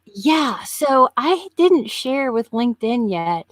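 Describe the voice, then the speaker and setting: A woman in her fifties, a podcast guest in casual chat, telling stories in an animated way and laughing often. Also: a little high, slow pace, no room sound. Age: 50s.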